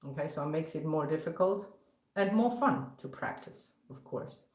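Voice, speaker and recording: A woman's voice: deep voice, lively intonation, normal speed, darkish tone, faint music behind. A woman teaching violin in a live-streamed lesson, patiently explaining step by step between passages she plays. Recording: roomy echo, violin playing around speech.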